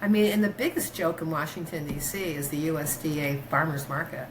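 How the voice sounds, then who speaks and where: A woman doctor talking in a casual interview, rambling through stories with many fillers and restarts, her pitch jumping when she quotes herself. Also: fairly quick, background noise. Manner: animated, pitch jumps when quoting herself. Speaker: guest, doctor.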